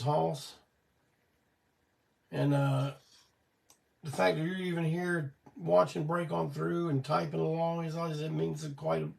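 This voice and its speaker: Gravelly older man, weak voice. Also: a little high, darkish tone, recorded from a distance. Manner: rambling, folksy, swears casually. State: weak voice from illness and cough syrup. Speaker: host of a weekly live show. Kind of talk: casual storytelling on a livestream.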